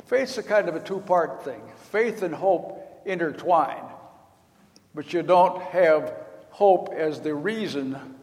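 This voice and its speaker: An older man preaching in a folksy, storytelling way, slipping into the voices of the people in his story. His voice sits a little higher than most men's. The sound carries a long reverb, as in a large hall. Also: lively intonation, takes it slowly, darkish tone. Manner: folksy storytelling, acting out quoted lines. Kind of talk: sermon.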